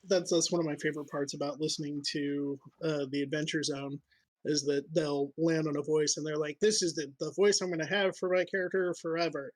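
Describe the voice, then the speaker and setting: A man chatting on a video call in an earnest, wordy way. His voice sits a little high. The sound is dry and close. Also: steady tone, a little fast, no room sound, poor audio. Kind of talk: casual chat.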